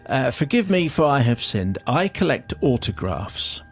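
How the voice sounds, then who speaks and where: A man's voice: medium pitch, sing-song, unhurried, slightly rough, soft background music. Man reading a letter aloud, dry and theatrical. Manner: dry, theatrical storytelling with acted voices. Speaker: radio host reading a listener's letter. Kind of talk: comic reading of a listener confession.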